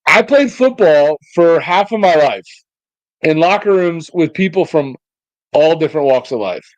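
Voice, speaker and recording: Man in his forties, casual podcast banter, teasing jokes, lively swings in pitch, dry close sound. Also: moderate pace, dry recording, muffled recording. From United States. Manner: joking, teasing, deadpan asides. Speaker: podcast co-host.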